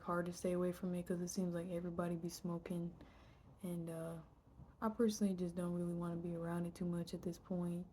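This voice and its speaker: Young woman, vlogger, low mellow voice, flat delivery, reflective and filler-heavy, slips into whispers, faint room hiss. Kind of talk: casual personal vlog.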